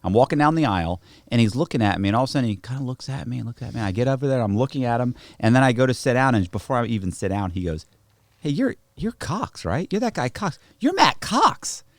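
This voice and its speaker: A man's voice: mid-range voice, racing, few pauses, darkish tone, dry recording. A man telling a long anecdote as a podcast guest, rambling with many restarts and slang. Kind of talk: casual storytelling chat. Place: podcast studio.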